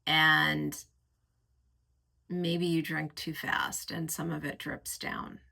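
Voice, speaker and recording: Slow-talking, bright-voiced woman fragrance reviewer. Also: sits low, level tone, creaky. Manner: effusive and vivid, lingering over each word. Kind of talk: casual reviewing chat.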